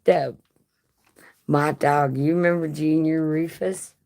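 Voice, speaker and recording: Very deep-voiced woman, slow and rambling. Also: fairly even intonation, gravelly, mellow. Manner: rambling, profane, laughing asides. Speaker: live streamer. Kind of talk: casual live-stream storytelling.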